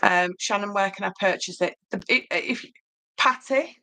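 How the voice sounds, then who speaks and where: Bright-toned Yorkshire woman teaching crafts. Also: medium pitch, moderate pace. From Yorkshire, England. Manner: chatty, reads out and answers viewer comments, many ums. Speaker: papercraft tutor on a live stream. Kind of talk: casual live-stream craft tutorial.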